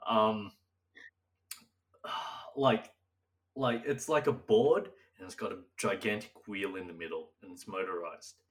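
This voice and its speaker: Low-voiced man, slightly off-mic. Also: slow, long pauses, far from the mic. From Australia. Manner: rambling, laughs often, slips into silly old-timey voices. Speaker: podcast co-host. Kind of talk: casual chat.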